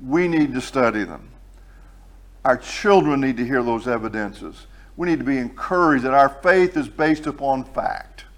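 A man preaching a sermon to his congregation, moving from quiet, conversational asides to slow, loud, emphatic declarations. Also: medium pitch, animated.

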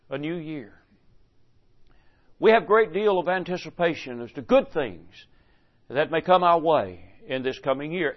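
An older man preaching a sermon to a congregation, swinging between loud declarations and hushed, slow phrases, with rhetorical questions. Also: on the high side. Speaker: pastor. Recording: dull lo-fi recording.

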